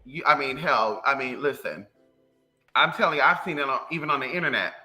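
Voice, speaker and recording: A livestream host ranting casually to viewers in a sassy, profane, animated way. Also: mid-range voice, fairly quick, soft background music, poor audio. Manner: animated storytelling.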